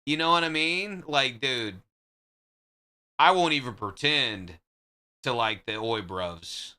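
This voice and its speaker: Bright, crisp-voiced man joking with chat. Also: medium pitch, animated, takes it slowly. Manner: joking, profane banter. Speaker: live streamer. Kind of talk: casual chat with a live audience.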